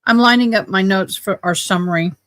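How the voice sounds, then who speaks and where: A woman's voice: medium pitch, fairly quick, a bit bright, no echo. A tired woman hosting a livestream, chatting casually and folksily about her setup. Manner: chatty, folksy, thinking aloud. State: tired, sleepy. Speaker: livestream host. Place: home studio in Texas.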